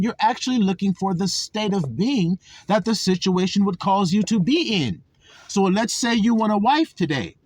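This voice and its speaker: There's no echo as a man whose voice sits high teaches in a sermon style. A religious teacher, he stresses his points emphatically, stretches out key words, and keeps checking whether his listeners see it.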